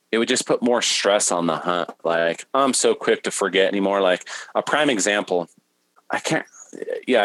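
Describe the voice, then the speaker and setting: A man guest on a podcast, telling a hunting story in a lively way and acting out his own thoughts. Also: sits low, no room sound, low-quality recording. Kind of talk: casual podcast conversation, storytelling.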